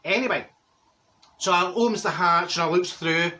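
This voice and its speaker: Brief: male actor as brash middle-aged Glasgow woman, Glaswegian accent, forceful bright tone, sardonic comic storyteller. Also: sits high, normal speed. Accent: Glaswegian Scottish. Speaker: comic character monologue.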